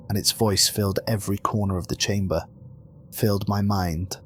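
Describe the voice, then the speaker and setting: A man reading a first-person horror story in a steady, earnest narration. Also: lowish voice, slight background noise.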